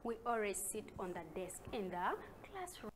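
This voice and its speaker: A woman with a Ugandan accent teaching a reading lesson to young children, sounding out syllables slowly and calling out each sound with loud emphasis. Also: mid-range voice, very animated, slight background noise. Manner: slow, sounds out syllables with loud stressed calls. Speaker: primary school teacher.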